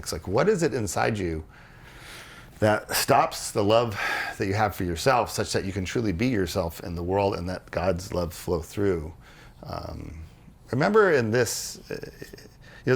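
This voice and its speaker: A podcast co-host explaining religious history speaks earnestly in a low, gravelly, husky voice during casual conversation. He tells it as animated storytelling, restarting sentences and acting out quoted dialogue along the way.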